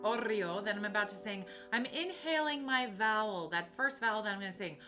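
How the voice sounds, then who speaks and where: A woman's voice: mid-range voice, expressive, fairly quick. A woman voice teacher on a live stream who explains vowel placement and breathing and sings the vowels of each exercise. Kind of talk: live-streamed singing lesson. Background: piano.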